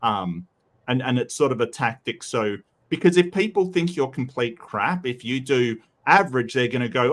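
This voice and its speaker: A man's voice: mid-range voice, fairly quick, fairly bright tone. Rambling Western Australian man. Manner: rambling, many restarts and quoted asides. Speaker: debate review co-host. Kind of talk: casual chat.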